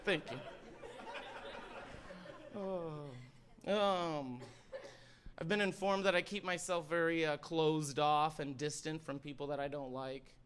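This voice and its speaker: A young man with a fairly high voice delivers a stand-up set, animated and building to shouted punchlines. His voice carries a faint bed of room ambience behind it. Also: slow, long pauses, a faint crowd, a little hiss or hum. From Sandpoint, Idaho. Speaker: stand-up comedian. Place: stage in a library event hall.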